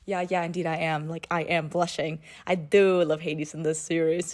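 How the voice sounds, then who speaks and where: A woman in a casual book-review vlog, chatty and dramatic, her voice jumping up in pitch for emphasis. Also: moderate pace, hardly any pauses. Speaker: book vlogger.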